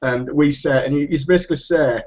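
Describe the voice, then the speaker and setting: A man from Yorkshire with a Yorkshire accent, a guest chatting over a video call, halting and self-deprecating. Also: on the high side. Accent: Yorkshire English. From Yorkshire, England. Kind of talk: casual chat. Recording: muffled video call audio.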